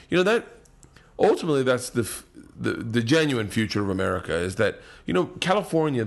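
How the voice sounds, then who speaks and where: A man's voice: lowish voice, fairly bright tone. A man talking as a podcast guest in casual chat, profane and thinking aloud as he goes.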